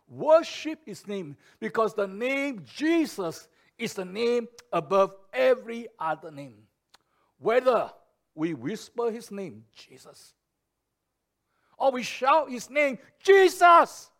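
Preaching in a high male voice, this pastor takes his time, choosing each word deliberately and circling back to key phrases for emphasis. Soft, low-toned moments give way to booming declarations.

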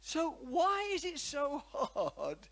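Man preaching, high voice, very lively swings in pitch, calls for congregation response. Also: takes it slowly. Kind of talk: sermon with personal testimony.

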